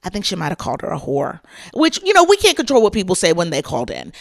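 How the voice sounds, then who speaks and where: A woman, hosting a podcast in a sassy, animated, chatty way. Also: on the low side, fast talker, gravelly. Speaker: podcast host. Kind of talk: casual chat commentary.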